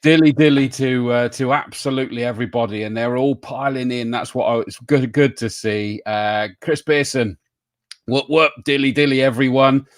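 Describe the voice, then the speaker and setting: A man's voice: mid-range voice, moderate pace, dry recording, clean studio sound. Chatty male live-show host. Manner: jokey, greets viewers by name, laughs often. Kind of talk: casual live show chat.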